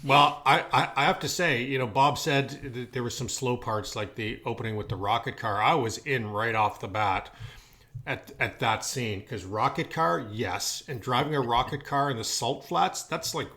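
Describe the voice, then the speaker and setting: Male podcast host, mid-pitched, playful and quick, reads trivia between jokes. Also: bright, forceful tone. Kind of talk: casual chat, reading trivia and scores.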